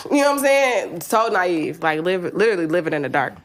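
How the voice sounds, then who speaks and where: A woman's voice: lowish voice, big pitch swings, a little fast. A woman in her thirties hosting a podcast, telling a personal story frankly and with plenty of swearing, laughing often as she talks. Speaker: podcast host.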